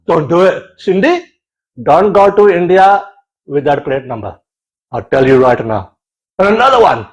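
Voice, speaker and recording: A man's voice: on the high side, low-quality recording. A man doing a playful comic monologue, swearing freely and slipping into accents as he goes. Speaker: comedian.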